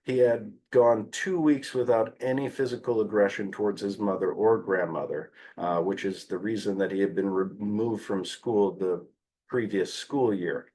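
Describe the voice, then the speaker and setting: A man giving a conference talk as a behavior analyst, telling fieldwork stories in an animated way with frequent "uh" fillers. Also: on the low side, moderate pace.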